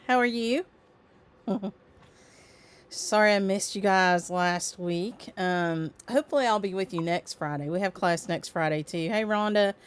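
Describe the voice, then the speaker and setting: A woman's voice: medium pitch, clear, resonant tone. A woman hosting a casual stitching livestream, chatting loosely with lots of ums and greeting viewers by name as their comments come in. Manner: chatty, rambling with frequent ums. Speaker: livestream host. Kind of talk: casual live-stream chat.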